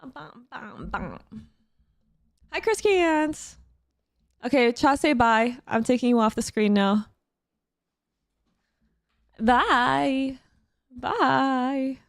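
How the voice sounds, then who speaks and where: A young woman streaming, chatting casually with viewers and laughing often, with a hoarse morning voice. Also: sits high, very slow, pauses often, no echo, clean studio sound. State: morning voice, clears throat. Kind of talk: casual stream chat, reacting to a broadcast.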